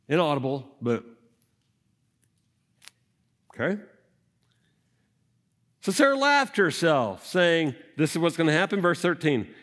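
A man preaching in a loose, conversational way, asking his listeners question after question. His voice sits a little high and swings widely in pitch, dropping low and quiet, then climbing up again. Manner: animated, conversational, rhetorical questions. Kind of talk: sermon.

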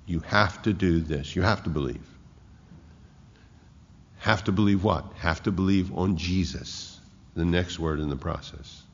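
A man preaching a sermon, reading scripture aloud and explaining it with slow emphasis and frequent restarts. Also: low-pitched, vocal fry. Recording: echoey hall, dull lo-fi sound.

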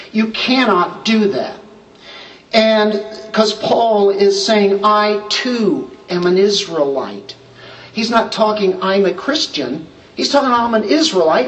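A man's voice: high-pitched, far from the mic, rough recording. Male pastor, expository sermon, emphatic with rhetorical questions; recorded slightly off-mic with light background noise.

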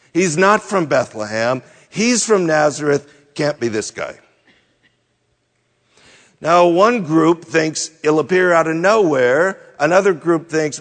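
A man preaching an expository sermon, moving verse by verse at a slow, deliberate pace. His voice sits a little higher than most men's, and he leans on rhetorical questions. A long reverb trails his words, as if he is in a large hall. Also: a bit bright. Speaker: pastor.

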